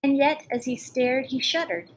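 A woman's voice: sits high, animated, moderate pace, slight background noise, poor audio. A woman narrating a fairy tale expressively, with dramatic storybook reading.

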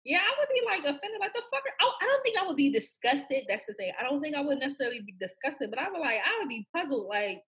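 A woman on a podcast, chatting casually in a brash, profane, animated way. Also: high voice, fast talker, hardly any pauses. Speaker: podcast co-host. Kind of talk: casual chat.

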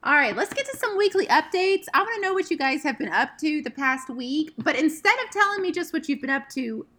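A woman hosting a casual quick-fire question game with friends, brisk and playful as she reads out each question. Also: high-pitched, sing-song, bright, forceful tone.

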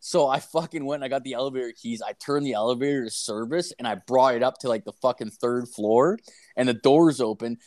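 A man's voice: mid-range voice, fairly quick, darkish tone, dry recording. Male podcast co-host, profane storyteller, dry close recording. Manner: profane, rambling anecdotes. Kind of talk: crude casual storytelling.

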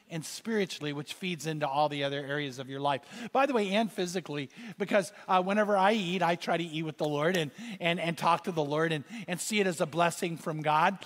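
Casting: male pastor, high voice, lively storytelling sermon, big reverberant hall. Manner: animated storytelling with rising exclamations.

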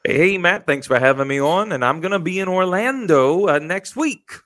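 A man's voice: sits high, animated, moderate pace, a bit bright. A man on a radio interview as a political candidate, emphatic and speechlike, often repeating himself. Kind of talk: radio interview, campaign talk.

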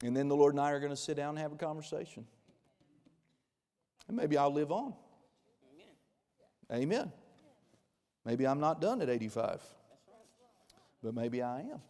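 Forties guy preaching, higher voice, booms then goes soft, long church echo. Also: lively intonation, moderate pace, long pauses. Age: 40s. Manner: emphatic, swings from loud bursts to quiet intimate asides. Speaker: pastor. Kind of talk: sermon.

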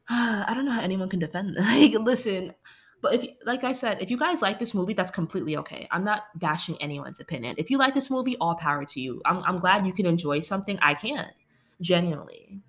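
A woman's voice: medium pitch, lively intonation, a little fast, a bit bright. A woman ranting casually about a movie she hates, exasperated and swearing freely. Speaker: movie reviewer.

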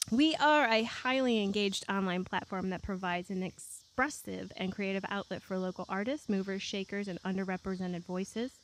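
A woman from New York hosting a casual podcast chat, bubbly and quick to laugh, recorded on a back deck at night. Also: medium pitch, a little hiss or hum. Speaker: podcast host.

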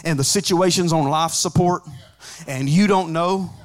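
A man preaching a sermon as a pastor, mixing joking asides with rising, shouted, sing-song preaching. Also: a little high, unhurried. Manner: conversational asides with humor.

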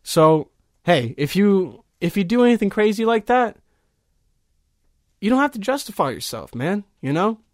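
A man with a notably high voice talks casually into a studio microphone. He rambles, swears freely and leans on filler words. He sounds like a young adult hosting his own podcast. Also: very animated, normal speed, pauses often, no echo. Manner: rambling, profane, heavy with fillers. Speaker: podcast host. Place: small recording studio.

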